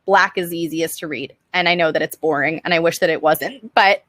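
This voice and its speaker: A woman's voice: fairly low pitch, brisk, hardly any pauses, fairly bright tone, no room sound. A young woman teaching design on a casual live stream, chatty and upbeat, answering viewer questions with lots of "um" and "like".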